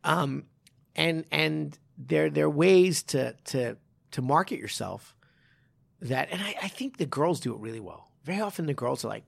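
A man's voice: a little high, lively intonation, normal speed, creaky, breathy edge. A man co-hosting a casual podcast as a martial arts coach, rambling with lots of restarts and laughing easily. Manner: rambling, many restarts and fillers, laughs often.

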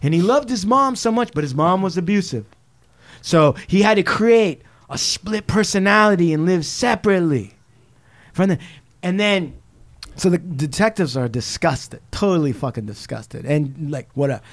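A man co-hosting a podcast, retelling a true-crime story in a casual, profane, animated way with quick asides. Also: high voice. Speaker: podcast co-host.

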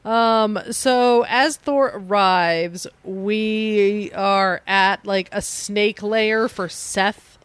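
A woman co-hosting a comic book podcast, recapping stories in casual chat with quick acted-out quotes and swearing. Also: medium pitch, smooth, dry recording. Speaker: podcast co-host.

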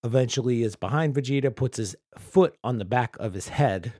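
Male solo podcaster with a mid-pitched voice, loose and profane, recorded dry on a close mic. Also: animated, a little fast, few pauses, warm tone, no echo. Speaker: podcast host.

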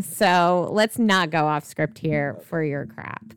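A woman's voice: lowish voice, measured pace, smooth, dry recording, clean studio sound. A young woman co-hosting a podcast, chatting casually about movies with lots of fillers, tangents and swearing. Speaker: podcast co-host.

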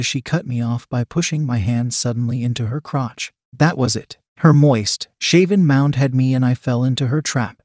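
A man narrating a story in the first person, reading at a steady, even pace. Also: mid-range voice, normal speed, few pauses, no echo, studio quality. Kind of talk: scripted narration.

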